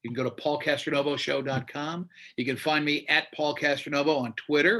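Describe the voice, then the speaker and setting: A man's voice: a little high, fairly even intonation, a little fast, few pauses, sharp tone. A man in his fifties, a radio host being interviewed, talking bluntly and with animation in casual chat. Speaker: radio show host, guest.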